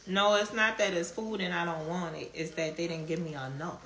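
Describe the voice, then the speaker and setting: A woman's voice: lowish voice, brisk. A woman chatting casually with viewers on a live stream, answering comments and laughing often. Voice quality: strong Southern drawl, relaxed slang. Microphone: phone. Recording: echoey room, faint background hum.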